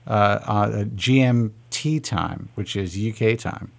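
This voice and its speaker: A man's voice: fairly low pitch, slow pace, gravelly. A man hosting a radio call-in show, rambling and joking with callers in casual chat.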